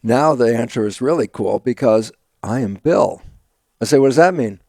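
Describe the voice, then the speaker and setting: Older male interview guest, gravelly tone, dry close sound, animated storyteller who voices his own quotes. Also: mid-range voice, moderate pace, dry recording. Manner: acts out his own inner dialogue in quoted exchanges, laughing often. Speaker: guest, stem cell biologist.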